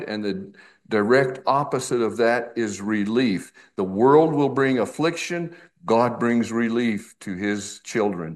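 A middle-aged male pastor preaching an expository sermon, slow and emphatic, with conversational asides. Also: medium pitch.

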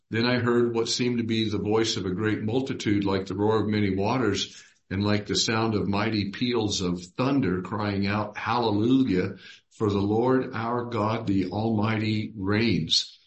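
Man, Bible study teacher, low voice, slow and deliberate, reads verses, asks questions. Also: steady tone. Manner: unhurried, reads scripture aloud and asks the group questions.

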